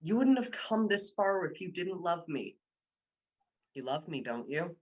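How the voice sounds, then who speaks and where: A man's voice: high voice, very animated, unhurried. A young man playing a persuasive male university student who coaxes and teases his girlfriend in a radio drama. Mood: coaxing. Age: young adult. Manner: coaxing, teasing, insistent. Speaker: boyfriend Dick. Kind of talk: amateur radio drama acting.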